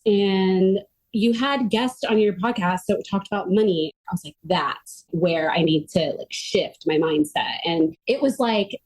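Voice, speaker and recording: A middle-aged woman speaking as a podcast guest, earnest and animated. Her voice sits a touch higher than most women's. She talks in long, eager runs, full of casual "like" fillers. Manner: earnest and animated, frequent "like" fillers, quotes others in her own voice. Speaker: podcast guest, myofascial release therapist. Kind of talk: conversational interview storytelling.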